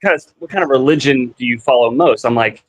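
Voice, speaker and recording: A man's voice: medium pitch, fast talker, no echo, low-quality recording. A man talking casually as a guest, rambling with lots of fillers and acting out what people said. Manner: rambling, heavy on "like" fillers, acts out quoted dialogue. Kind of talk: casual storytelling conversation.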